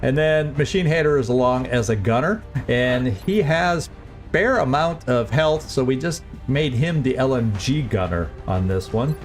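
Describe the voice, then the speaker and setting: A male game streamer chats through his let's-play in a mid-pitched voice, laughing often and poking fun at himself. Soft music plays behind him. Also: expressive, unhurried. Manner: chatty, laughs often, self-deprecating. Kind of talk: casual let's-play commentary.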